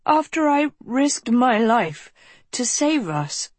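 A tearful young boy pleads in a high, wavering voice that keeps cracking toward sobs, as a woman reads him in a storybook. The delivery is slow and dry, close to the mic. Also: sing-song, husky, dry recording, heavily acted. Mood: pleading. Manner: pleading, voice wavering near tears.

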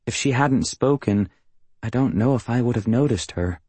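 A man reading a first-person novel as an audiobook narrator, measured and matter-of-fact, close to the mic. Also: mid-range voice, warm tone, slightly rough, no echo.

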